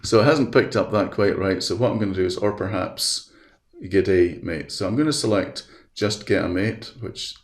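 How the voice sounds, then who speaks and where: A man presenting a webinar, chatting through a live software demonstration step by step at his computer. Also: on the low side, brisk, hardly any pauses. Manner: chatty, walks through steps aloud. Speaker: education specialist presenting a webinar. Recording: roomy echo.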